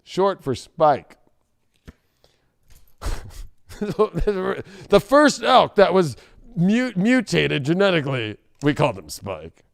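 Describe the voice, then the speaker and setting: High, lively man reading tarot, profane. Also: slow, gravelly, pauses often, dry recording, clean studio sound. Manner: profane, joking, swings into shouts and silly voices. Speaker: tarot reader. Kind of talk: casual tarot livestream.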